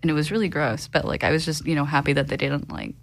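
A woman's voice: low-pitched, fast talker. A woman in casual podcast chat, talking loosely with frequent laughter. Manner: chatty, laughs often.

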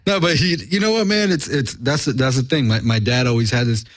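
A man co-hosting a casual radio show, telling stories in an animated, swearing way. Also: medium pitch, fairly quick, dry recording.

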